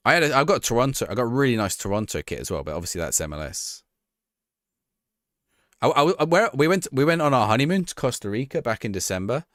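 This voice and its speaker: Chatty male streamer, low voice with lively swings, dry close sound, reacting to a football sim. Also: dry recording. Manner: chatty, thinks aloud and reacts to the game, talks to chat. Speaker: streamer playing a football management game. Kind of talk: casual live-stream chat.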